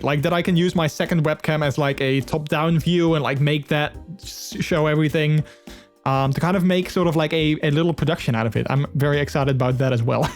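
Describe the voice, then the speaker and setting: Chatty streamer man, fairly high voice. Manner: chatty, rambling with many fillers; open and earnest. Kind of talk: casual live-stream chat.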